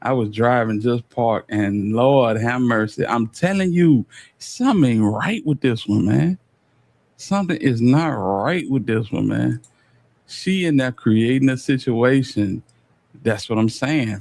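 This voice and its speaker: A man with a Southern US accent, reacting on a live stream in casual, slang-heavy commentary, animated and exasperated. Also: medium pitch, takes it slowly, creaky. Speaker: streamer reacting to a court case.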